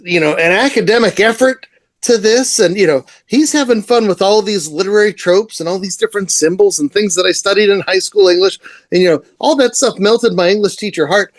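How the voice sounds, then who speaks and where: Excitable man gushing in podcast chat. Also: high-pitched, no echo. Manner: enthusiastic, rambling, laughs often. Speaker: podcast co-host. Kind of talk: casual comic book review chat.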